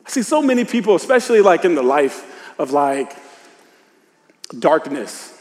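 A man preaching a sermon in loose, casual speech, dropping to a hush and rising to shouts. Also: on the high side, big pitch swings, normal speed. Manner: swings from hushed confession to shouted exhortation; informal Southern-tinged preacher speech, "y'all" and "ain't". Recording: long hall reverb.

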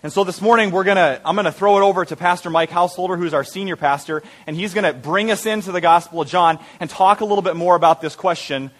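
A man's voice: high-pitched, fast, few pauses, fairly bright tone. A man leading a church service, posing rhetorical questions to a congregation and repeating words as he goes. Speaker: service leader. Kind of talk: sermon introduction.

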